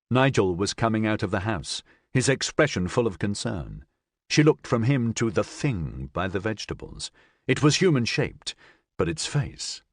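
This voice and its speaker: Low-voiced man narrating dramatically. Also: no room sound, studio quality. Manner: expressive, dramatic storytelling. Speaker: audiobook narrator. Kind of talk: scripted narration.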